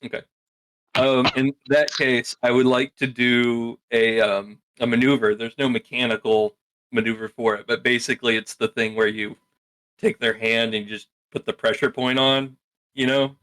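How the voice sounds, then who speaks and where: A man's voice: mid-range voice, level tone, moderate pace, fairly bright tone, clean tone. A laid-back man at a tabletop game, chatting casually with hesitant fillers and a mid-range voice. He breaks into laughter easily. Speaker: player. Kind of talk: casual play chat.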